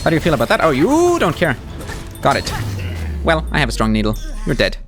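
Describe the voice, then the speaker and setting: A man's voice: fairly high pitch, brisk, over music. A man doing live gameplay commentary as a streamer, talking back to the game's characters. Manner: animated, talks to the game characters.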